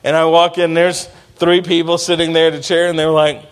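Preaching man with a higher voice. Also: level tone, a little fast, clear, resonant tone. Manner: conversational preaching with call-and-response asides; acts out quoted voices in his stories. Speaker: pastor. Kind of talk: sermon.

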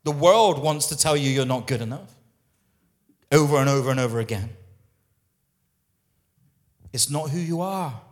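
A man's voice: mid-range voice, animated, moderate pace, long pauses. A man preaching a sermon as lead pastor, emphatic, repeating phrases and asking the congregation questions. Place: church.

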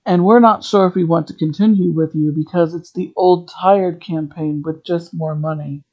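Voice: medium pitch, fairly even intonation, normal speed, muffled recording, close to an everyday voice. The podcast host voicing a flirty society wife who fusses over her looks, in a prim, fussy manner. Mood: cool.

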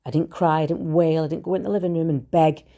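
A Scottish woman with a Glasgow accent, telling her own story in a blunt, animated monologue full of swearing. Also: low voice, fast. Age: adult with three children. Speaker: speaker sharing her recovery story.

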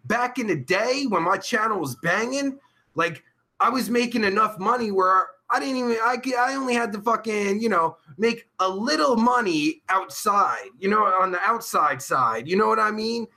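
A man hosting a live chat show, reading viewers' messages and riffing on them in a crude, rambling way that flares up easily. His voice sits high and sounds bright and edgy. He swings widely up and down in pitch and talks at an unhurried pace. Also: lively intonation. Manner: rambling, vulgar, quick to get riled up.

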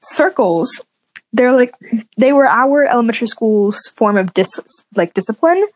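A woman's voice: a little high, a little slow. A young woman co-hosting a podcast, chatting casually and telling childhood stories with giggles. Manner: giggly, animated storytelling. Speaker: podcast co-host. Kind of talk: casual chat.

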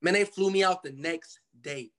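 A man's voice: high voice, normal speed, a bit bright, slight background noise. Young Ohio man telling his story, slangy. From Cincinnati, Ohio. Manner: loose slangy storytelling, acts out quoted voices. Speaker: guest artist. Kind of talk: casual storytelling interview.

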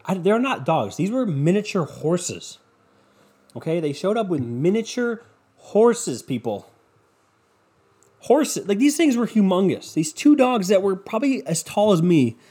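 A man's voice: on the high side, slightly rough. A man in his twenties hosting a podcast, ranting through a comic story with heavy swearing and sarcasm. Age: 20s. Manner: profane, sarcastic, animated impressions in quotes. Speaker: podcast host.

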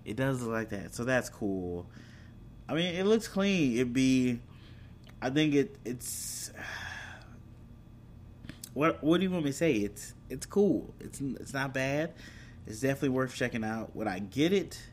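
A mid-range male voice, with slight background noise, drifts through a casual chat about anime and streaming apps. He keeps correcting himself and laughing at his own slips.

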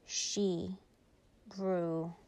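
A woman improvising a bedtime story for a child, lively, with drawn-out words and hushed whispers. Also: lowish voice.

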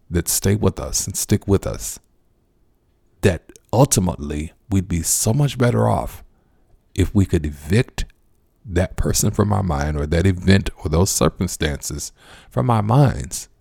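A man preaching a sermon, addressing listeners as friends and repeating key lines slowly for emphasis. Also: deep voice, creaky, warm tone, husky, no room sound, studio quality.

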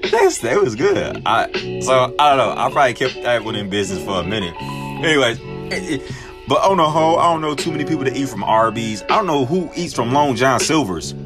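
A man's voice: medium pitch, sing-song, a little fast, music in the background. A man hosting a podcast, ranting for comedy in slangy talk with exaggerated mock outrage. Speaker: podcast host. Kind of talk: comedic solo rant.

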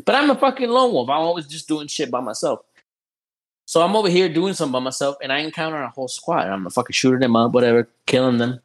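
A man telling profane, animated stories in a casual podcast chat. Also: fairly high pitch, fast.

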